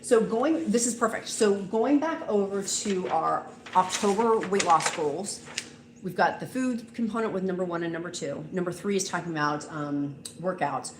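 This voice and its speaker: Lady on a home livestream, chatty and gushing, lowish voice, roomy echo. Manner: gushing, chatty, reads viewer comments aloud. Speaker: host of a live weight loss stream. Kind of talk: casual live-stream chat reading comments. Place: room at home. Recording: echoey room, faint noise.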